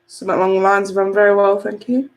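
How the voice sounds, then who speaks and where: A woman's voice: medium pitch, darkish tone. A woman, a tarot reader chatting on a live stream, reading out viewer comments in a chatty, giggly way with casual swearing.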